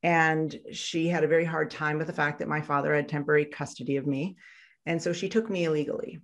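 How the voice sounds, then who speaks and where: A woman guest on an interview podcast, telling a painful childhood story in a halting, reflective way with many fillers and restarts. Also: low-pitched, steady tone. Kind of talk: candid personal storytelling in an interview.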